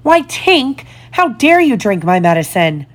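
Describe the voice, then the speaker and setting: A woman reading a storybook aloud, voicing the boy hero Peter Pan with high, eager cries. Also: sing-song, measured pace. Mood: alarmed.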